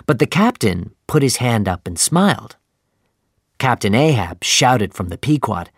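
A man narrating a simplified sea novel in a slow, clear, even storytelling manner. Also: mid-range voice, dry recording, studio quality. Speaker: audiobook narrator.

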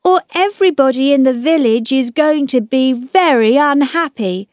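A woman's voice: sits high, animated, moderate pace, no echo, studio quality, voice pushed up. A woman voicing an eager young boy, speaking in a raised, emphatic tone. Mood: earnest.

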